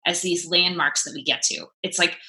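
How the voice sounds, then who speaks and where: A woman who works as a sex therapist, guesting in a casual chat, expressive and candid, swearing and laughing. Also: lowish voice, moderate pace, reverberant.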